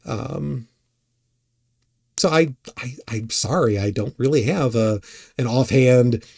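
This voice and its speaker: Gravelly-voiced man rambling on a live stream. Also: mid-range voice, darkish tone, no echo, studio quality. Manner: rambling, halting, self-deprecating. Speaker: streamer answering chat. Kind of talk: casual live-stream chat.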